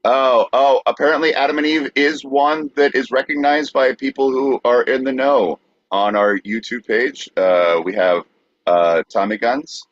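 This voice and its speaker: A man co-hosting a podcast, joking playfully in a deadpan way. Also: medium pitch, unhurried, dry recording, highs cut off. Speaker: podcast co-host. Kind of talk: casual banter.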